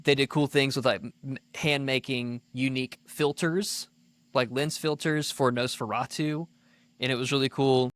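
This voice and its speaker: A man co-hosting a podcast, telling an animated story in casual chat, full of "like" fillers. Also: medium pitch, moderate pace, no echo. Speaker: podcast co-host.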